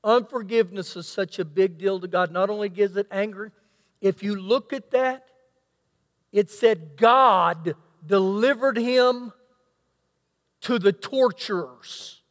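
A man's voice: high-pitched, slow pace, fairly bright tone. A man preaching a sermon, reading scripture aloud and adding emphatic asides. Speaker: pastor. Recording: long hall reverb.

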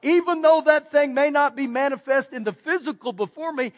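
A male pastor with a Texan accent delivers a sermon in a church sanctuary. His voice sits unusually high, and he drives his points home with repetition, dropping quiet and then rising again. The recording carries the long reverb of a big hall. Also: a little fast. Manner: preaching with emphatic repetition and shifts between loud and quiet.

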